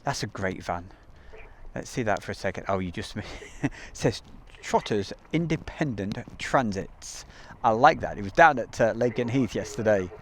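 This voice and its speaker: A man's voice: lowish voice, lively intonation, normal speed, a little hiss or hum. Chatty man hosting a live stream. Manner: chatty, rambling, many ums and uhs. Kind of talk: casual live commentary. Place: outdoors near an airbase. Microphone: camcorder mic.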